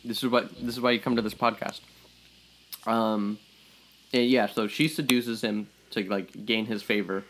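A man's voice: fairly low pitch, fairly even intonation, moderate pace, a bit bright, a little hiss or hum, rough recording. A man co-hosting a casual movie review podcast, recapping the plot in a rambling way with lots of fillers. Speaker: podcast co-host.

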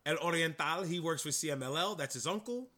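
Male podcast co-host, casual and enthusiastic, bright tone, pitched a bit high. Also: expressive, quick pace. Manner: rambling, enthusiastic. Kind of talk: casual chat.

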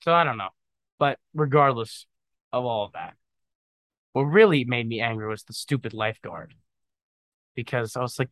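A man's voice: medium pitch, moderate pace, pauses often, a bit bright, no room sound. A man talking alone on his podcast in a loose, rambling, jokey way, often tossing in "dude" and trailing off into mumbled asides. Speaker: podcast host. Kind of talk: casual solo monologue.

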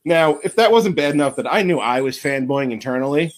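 A man co-hosting a podcast in casual chat, playful and animated when telling stories. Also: a little high, brisk. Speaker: podcast co-host.

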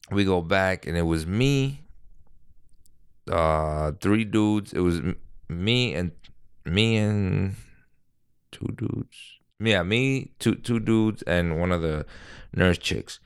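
A man's voice: low-pitched, takes it slowly, pauses often, clear, resonant tone, dry recording, clean studio sound. A middle-aged man telling a rambling story on his podcast, with profanity and constant self-corrections. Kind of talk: casual storytelling. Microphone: podcast microphone.

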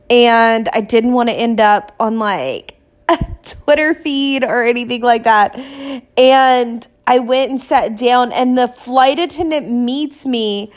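A woman with a somewhat high voice tells a personal story. She sounds candid and confessional, with many fillers and restarts, and briefly plays out what each person said. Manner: acts out short quoted exchanges in her telling. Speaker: podcast storyteller.

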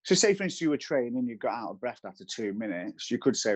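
A man's voice: medium pitch, big pitch swings, fast talker, hardly any pauses. A man, a fitness trainer giving practical advice step by step in a casual chat. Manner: explains step by step with practical rules.

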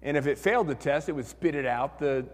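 A man preaching a sermon as pastor, telling a story in an animated way and acting out the voices in his head. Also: fairly high pitch, a little fast, long reverb tail.

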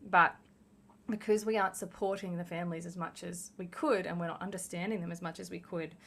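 A woman's voice: on the low side, steady tone, a little fast, fairly bright tone, a little hiss or hum. A young adult woman, co-hosting a casual podcast chat and talking earnestly, with lots of "like". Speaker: podcast co-host.

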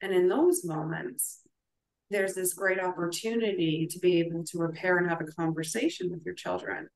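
A woman's voice: fairly low pitch, steady tone, normal speed, low-quality recording. A woman talking casually about parenting, earnestly acting out the things a parent might say to herself. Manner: earnest, acts out quoted self-talk. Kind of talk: casual podcast chat.

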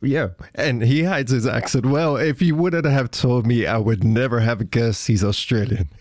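A man hosting a podcast interview who asks his questions haltingly and stumbles over his words. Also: mid-range voice, a little mellow, dry recording, studio quality.

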